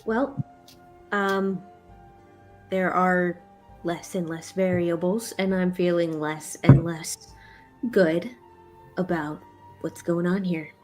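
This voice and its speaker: A woman's voice: lowish voice, fairly even intonation, slow, long pauses, darkish tone, soft background music. A woman playing a tabletop game, speaking in a thoughtful, hesitant way. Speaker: player.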